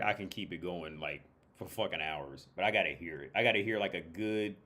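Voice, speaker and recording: A man's voice: sits low, a little fast, sharp tone. An American man in casual livestream chat, rambling and swearing with frequent restarts.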